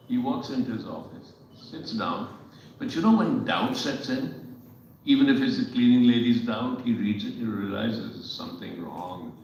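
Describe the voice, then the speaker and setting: A man's voice: medium pitch, lively intonation, moderate pace, creaky, a little mellow, slight background noise. A man with an Indian accent, speaking as a panel guest and telling a story full of rhetorical questions. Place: event hall on stage. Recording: echoey hall from far off, dull sound.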